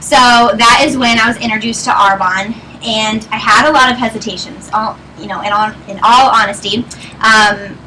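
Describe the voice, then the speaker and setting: A woman's voice: fairly high pitch, steady tone, moderate pace, bright, forceful tone. A woman in her twenties from Northern Virginia, presenting at a meeting and telling a story in a chatty way, laughing as she goes. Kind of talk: speaking to a live audience. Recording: distant mic, clear noise.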